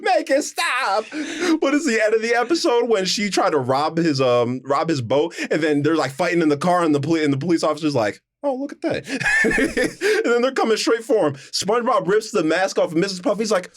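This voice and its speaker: A young man co-hosting a podcast in casual chat, animated and quick to laugh. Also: high-pitched, no room sound. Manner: animated, quick to laugh, imitates cartoon voices. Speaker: podcast co-host.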